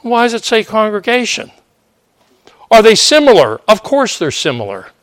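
A man preaching a teaching sermon, pausing often with "uh" and checking in with "okay?" as he explains scripture. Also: high-pitched, wildly swooping pitch, fairly bright tone, dry recording, studio quality. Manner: digressive, frequent "uh" and "okay?" checks.

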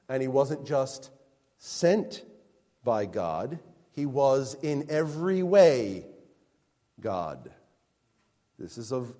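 A pastor preaching a sermon, slow and emphatic, with his voice rising and falling for emphasis. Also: medium pitch, dark tone, in a large hall.

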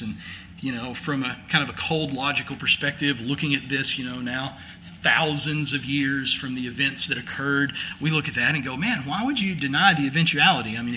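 A pastor delivers his sermon like a story told among friends, plain-spoken and folksy. His tone is strikingly bright and forceful, pitched a little high for a man, and he drives his points home with emphasis. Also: a little hiss or hum. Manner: rising to emphatic preaching.

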